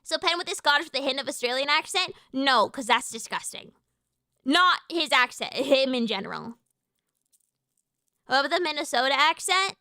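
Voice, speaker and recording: High-pitched young woman from the US, bright, rambling live-stream chat, dry close mic. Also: normal speed, no echo. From United States. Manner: rambling and excitable, full of restarts and fillers.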